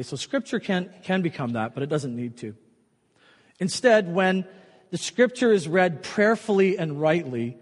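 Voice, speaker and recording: A man preaching a sermon as pastor, emphatic, often repeating a key phrase more quietly. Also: a little high, big-room sound.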